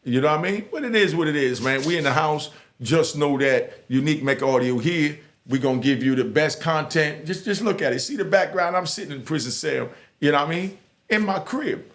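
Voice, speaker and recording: A man's voice: on the high side, expressive, brisk, fairly bright tone. A man from Harlem with a New York accent, talking straight to the camera in a casual, emphatic and streetwise way as he gives advice to young people. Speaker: YouTuber giving advice to youth. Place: indoors in front of a green screen.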